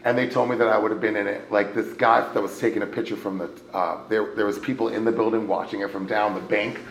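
A man giving a personal testimony as a speaker at a recovery meeting. He tells his story with animated swings between loud exclaiming and a hushed murmur, and keeps checking in with "right?". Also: fairly low pitch, fast, vocal fry. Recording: echoey room with faint ambient noise.

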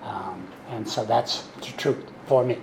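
A man's voice: fairly low pitch, a little slow, reverberant, noisy background. A man in his seventies speaks at a recovery meeting. His talk is folksy and wry, and he often repeats himself. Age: 70s. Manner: folksy, repetitive, wry and sarcastic. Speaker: speaker sharing recovery story. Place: meeting room.

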